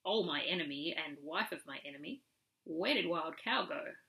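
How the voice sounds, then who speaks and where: A woman's voice: low-pitched, animated, normal speed, creaky, pushed and bright, heavily acted, rough recording. A woman doing a sly, aloof storybook cat. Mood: wary. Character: proud independent male wild cat.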